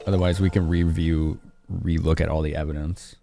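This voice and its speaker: A man's voice: rumbling low, flat delivery, a little fast, vocal fry, warm tone, faint music behind. A man from Chicago streaming a game live, chatting casually with his viewers. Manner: casual, chatty, laughing with chat.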